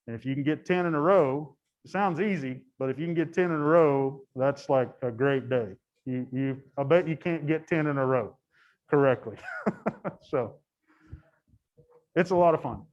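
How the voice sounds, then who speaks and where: A man's voice: mid-range voice, normal speed, darkish tone, lo-fi sound. A man casually commenting while he watches cattle, chatty, laughing often and breaking off his sentences. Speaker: guide.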